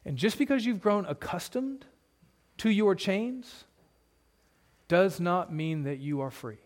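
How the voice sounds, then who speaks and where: A man preaching a sermon in a church, earnest and emphatic, often dropping to a low hush for emphasis. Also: lively intonation, takes it slowly. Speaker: pastor.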